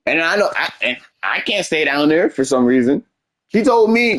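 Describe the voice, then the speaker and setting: High-voiced young man venting. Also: brisk, a bit bright. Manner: rambling, frustrated storytelling with quoted back-and-forth. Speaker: streamer. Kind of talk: casual venting monologue.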